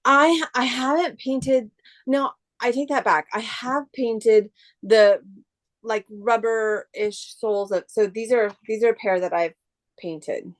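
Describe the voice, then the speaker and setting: A woman's voice: a little high, takes it slowly. A woman from the Bay Area, an artist who customizes shoes, talking casually in an interview and rambling with many restarts. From San Francisco Bay Area. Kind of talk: casual interview over video call.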